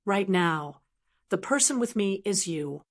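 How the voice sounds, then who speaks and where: A woman's voice: medium pitch, animated, measured pace. A woman voicing Yang Kai, a composed young male cultivator speaking tersely while on the run. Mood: light.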